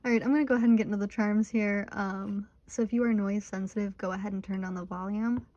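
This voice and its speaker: A woman's voice: mid-range voice, steady tone, fast, darkish tone, dry recording, muffled recording. A woman in her twenties from Michigan, chatting casually through a tarot reading, tired and yawning. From Michigan, USA. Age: 20s. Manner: chatty, giggly, often breaks into laughter. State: sleepy, yawning. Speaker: tarot reader.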